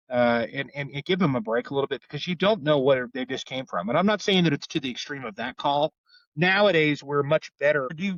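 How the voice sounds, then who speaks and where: A man's voice: medium pitch, a bit bright, no room sound, recorded from a distance, highs cut off. A middle-aged man with an Oklahoma accent, a homicide detective telling stories in a podcast interview in an earnest way, often repeating words. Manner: earnest, repeats words, acts out quoted voices.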